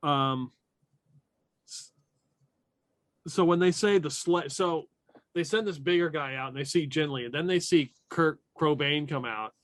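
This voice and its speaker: A man's voice: on the high side, measured pace, long pauses, no echo. A man running a tabletop game as game master, narrating in a loose, chatty way with frequent laughs and restarted sentences.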